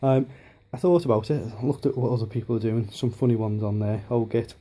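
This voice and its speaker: Hesitant man with a dark voice. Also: mid-range voice, a little fast, slight background noise. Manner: hesitant, many ums and restarts. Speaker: YouTuber. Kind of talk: casual vlog to camera.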